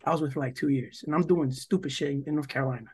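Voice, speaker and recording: A young man from New Jersey co-hosts a casual podcast and spins a long story in a meandering way. His voice sits a little high and has a husky grain. He swears often and plays out quoted lines with sudden jumps in his delivery. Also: racing, darkish tone. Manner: rambling, profane, full of "like" and "yo", acts out quoted lines. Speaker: podcast co-host.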